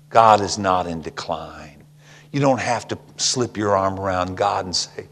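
An older man preaching a folksy, humorous sermon and closing in prayer, swinging from hushed whispers to loud cries. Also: low voice, animated, moderate pace. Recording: long reverb in a hall.

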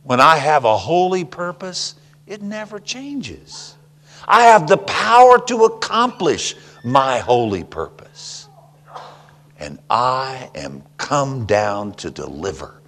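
An older man preaching a folksy, humorous sermon and closing in prayer, swinging from hushed whispers to loud cries. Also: medium pitch, sing-song, takes it slowly. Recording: long reverb in a hall.

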